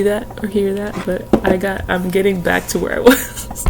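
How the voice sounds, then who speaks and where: A woman at home chatting to her tarot channel viewers, her mid-pitched voice wandering from one thought to the next. She laughs often and drops casual swear words. A faint hum of background noise sits under the recording. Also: flat delivery, normal speed, creaky. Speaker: tarot reader and channel host.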